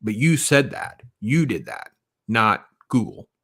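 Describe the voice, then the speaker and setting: Male livestream host, low voice, opinionated, dry close sound. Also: expressive, slow pace, fairly bright tone, slightly rough, dry recording. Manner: opinionated, reacts to chat comments. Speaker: podcast host. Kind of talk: casual livestream chat.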